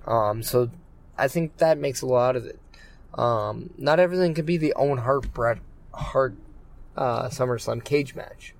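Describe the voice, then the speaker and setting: A man co-hosting a casual podcast about wrestling. He talks at a middling pitch and rambles, piling up fillers and restarting his sentences as he works through each thought. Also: unhurried, gravelly. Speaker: podcast co-host.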